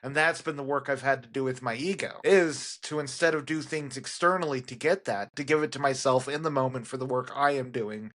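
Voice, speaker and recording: A man's voice: medium pitch, a little fast, hardly any pauses, a bit bright. A man co-hosting a spiritual podcast, speaking candidly and reflectively about his own inner work. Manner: candid, confessional, speaks from personal experience. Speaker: podcast co-host. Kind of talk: reflective personal sharing.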